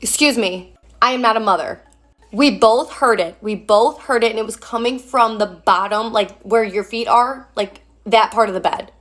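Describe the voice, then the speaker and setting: A woman's voice: a little high, moderate pace, a bit bright. Stunned woman recounting a haunting. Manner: stunned, hesitant. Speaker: storyteller in a clip. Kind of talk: casual storytelling.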